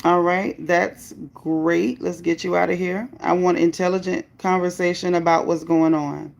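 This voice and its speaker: A woman's voice: on the low side, steady tone, moderate pace, gravelly. A woman hosting a livestream, reading viewer comments and speaking bluntly about her opinions and chat rules. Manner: greets viewers by name, upbeat bursts. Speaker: livestream host.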